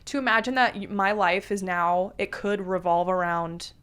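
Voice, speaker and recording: Woman in her twenties, interview guest, casual storytelling, animated, lots of "like", mid-pitched voice. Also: moderate pace, smooth. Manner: animated, heavy use of "like", acts out quotes.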